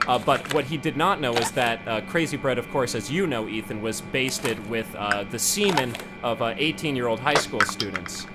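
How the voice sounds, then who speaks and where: A man's voice: medium pitch, moderate pace, hardly any pauses, over loud music. A young man co-hosting a livestream, telling rambling absurd stories in casual comedy banter. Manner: rambling absurd storytelling, giggly. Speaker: livestream co-host. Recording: loud background noise from gameplay.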